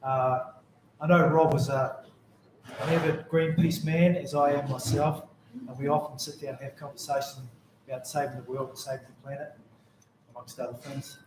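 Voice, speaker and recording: A man with a New Zealand accent shares rambling, humorous stories in a memorial speech. His voice sits at a middle pitch for a man. The recording is very echoey, with a faint hum of ambience behind him. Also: level tone, moderate pace. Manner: rambling, jokey anecdotes. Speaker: mourner giving a tribute. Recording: very echoey room.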